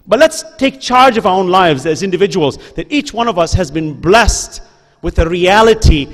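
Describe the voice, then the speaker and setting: Impassioned high-voiced man preaching. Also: a bit bright. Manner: earnest, repetitive rhetorical questions and appeals. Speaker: lecturer at a religious gathering. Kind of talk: impassioned religious lecture. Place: school hall before an audience. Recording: reverberant hall.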